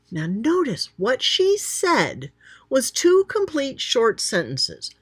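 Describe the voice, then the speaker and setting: A woman's voice: sits high, wildly swooping pitch, takes it slowly, breathy edge, dry recording, clean studio sound. A woman explaining a grammar lesson as a writing teacher, chatty and thinking aloud while pointing at examples.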